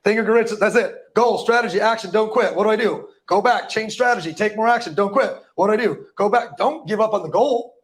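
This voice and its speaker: Man, high-pitched, motivational speaker, live audience talk, profane, hyped, stumbling. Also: fairly quick, few pauses.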